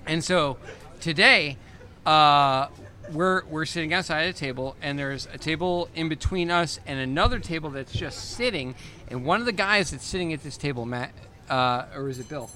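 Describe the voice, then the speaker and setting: A man with a bright, somewhat high voice talks casually and rambles through his stories, restarting and circling back often. He sits at an outdoor table, recorded in the open air. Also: moderate pace, a little hiss or hum. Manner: rambling storyteller, frequent restarts and fillers. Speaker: podcast host. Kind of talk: casual chat.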